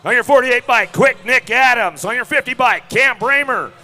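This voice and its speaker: High, bright hyped male race announcer. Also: expressive, moderate pace, faint music behind. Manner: hyped, calls rider lineups by bike number. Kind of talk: live race commentary. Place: outdoor BMX track.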